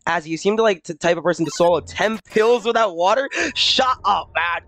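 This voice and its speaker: Chatting casually with viewers, this livestreamer reads chat aloud in a mid-range voice at a slightly quick clip. Giggly and rambling, they laugh often, swear, and break into silly voices.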